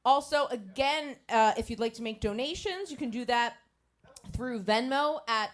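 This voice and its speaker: A woman's voice: on the high side, moderate pace. A woman giving the closing announcements at a live comedy show, thanking the performers and asking for donations. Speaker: event organizer. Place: live venue with an audience.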